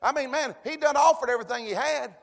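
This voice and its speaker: A man preaching a folksy sermon, calling for amens and building to shouts. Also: very high voice, fast talker, creaky. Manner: folksy, call-and-response, rising to shouts. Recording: long hall reverb.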